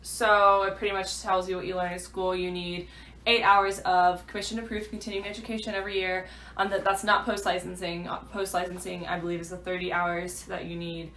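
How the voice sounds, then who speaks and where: A woman's voice: on the low side, flat delivery, fairly quick, a bit bright. A woman, a new realtor, chatting through a rambling vlog update full of fillers. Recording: echoey room.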